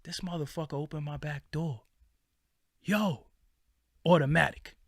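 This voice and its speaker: A man's voice: a little high, measured pace, husky, no room sound, studio quality. A man hosting his channel, telling a story casually, swearing freely and acting out what people said. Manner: animated, profane, acts out quoted lines. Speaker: channel host.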